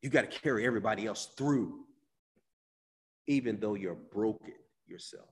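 A man preaching a sermon, swinging between hushed low lines and loud emphatic bursts, stretching and repeating his phrases and calling out to listeners by name. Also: normal speed. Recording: long hall reverb.

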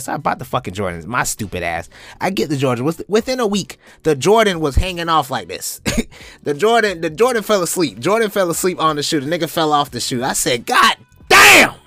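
A man in his twenties doing a profane comedic monologue as a podcast host, swinging up into high-pitched impressions. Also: a bit bright, no room sound. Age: 20s.

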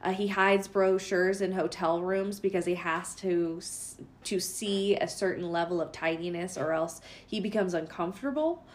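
A woman's voice: on the low side, moderate pace, hardly any pauses. Playful chatty woman podcast host. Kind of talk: casual chat quiz about phobias.

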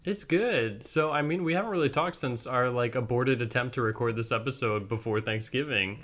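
A man in his thirties co-hosting a podcast, chatting casually and telling animated stories with frequent laughter. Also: medium pitch, normal speed. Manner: laughs often, animated storytelling. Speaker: podcast co-host. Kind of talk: casual chat.

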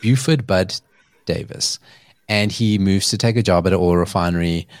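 A man's voice: sits low, moderate pace, no room sound, studio quality. A man hosting a podcast, telling a story in a chatty way and laughing often. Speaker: podcast host. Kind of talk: casual chat.

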